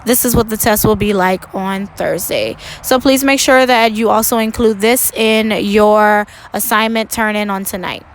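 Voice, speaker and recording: Clear, patient first grade teacher, woman. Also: mid-range voice, steady tone, poor audio. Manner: slow, clear and instructive, stressing words for young pupils. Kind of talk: recorded lesson for parents and students.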